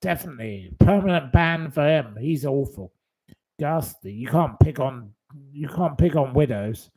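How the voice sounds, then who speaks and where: Channel host, male, slow, indignant scolding rant. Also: mid-range voice, animated, darkish tone. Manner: indignant, scolding, hurling insults. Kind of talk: angry livestream rant.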